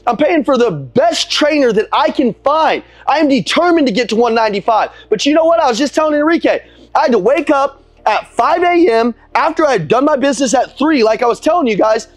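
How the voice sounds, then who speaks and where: A man's voice: very high voice, no echo. A young man giving blunt, profane motivational coaching on a call. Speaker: motivational speaker.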